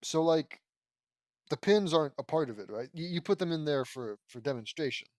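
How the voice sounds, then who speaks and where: A man's voice: on the high side, expressive, normal speed, darkish tone, no echo. A man reading fan fiction aloud and breaking in with sarcastic, swearing commentary. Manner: sarcastic, swears freely, laughs at the text. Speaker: audiobook reader.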